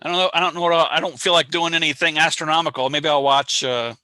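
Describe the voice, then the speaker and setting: Over an online call microphone, this astronomy outreach host chats loosely on a livestream, poking fun at himself as he rambles. He talks fast in a fairly high, steady voice that sounds pushed, bright, and clean, with no echo.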